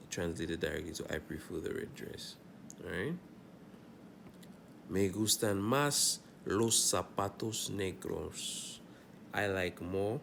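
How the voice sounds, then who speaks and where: A man's voice: sits low, vocal fry, noisy background. A man teaching a Spanish grammar lesson, going over examples and checking in often with "all right?".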